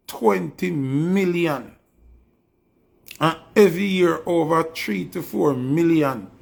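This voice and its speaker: A man's voice: high-pitched, vocal fry. A man with a Jamaican accent delivering a heated, preachy monologue straight to his viewers, his anger rising as he goes. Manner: preachy, rising to angry shouting. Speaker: video commentator.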